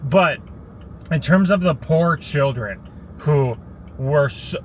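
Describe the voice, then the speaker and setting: Young guy rambling on in a vlog, kinda high voice, lots of likes and restarts, faint traffic noise behind. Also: lively intonation, takes it slowly. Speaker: vlogger. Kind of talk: casual storytelling vlog.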